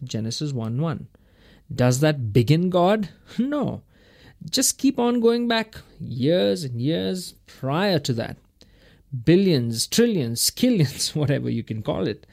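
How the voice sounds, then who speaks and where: A man's voice: on the high side, a little mellow. A man teaching verse by verse through a Bible passage in a folksy, emphatic way, chuckling between his points.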